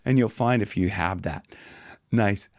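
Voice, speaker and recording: A man teaching singing in a loose, chatty way, slipping into high demonstration voices. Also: measured pace, a little mellow, dry recording, studio quality. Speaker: vocal coach. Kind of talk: casual singing lesson.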